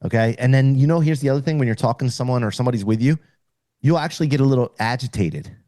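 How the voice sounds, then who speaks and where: A middle-aged man talks as a podcast guest, earnest and explanatory, often restarting his sentences. His voice is dark and mellow, recorded dry and close with no room sound. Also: mid-range voice, very fast, no room sound. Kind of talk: casual conversation.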